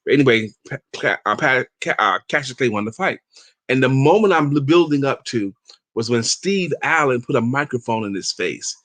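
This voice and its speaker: A man's voice: medium pitch, expressive, moderate pace, a bit bright, dry recording. A man in his fifties hosting an inspirational talk, telling stories and reading aloud in an emphatic, chatty way. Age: 50s. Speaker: motivational talk host.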